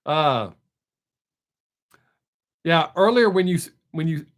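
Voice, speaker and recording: Here a middle-aged man with a somewhat high voice talks at a moderate pace during a casual live stream. He rambles to his viewers, cursing freely and restarting his thoughts often.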